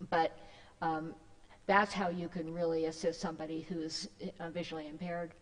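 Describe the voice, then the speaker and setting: A woman's voice: low-pitched, flat delivery, normal speed. Chatty woman in a reverberant church hall. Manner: chatty, rambling, with many fillers and restarts. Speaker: guest speaker. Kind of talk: casual talk to a church group.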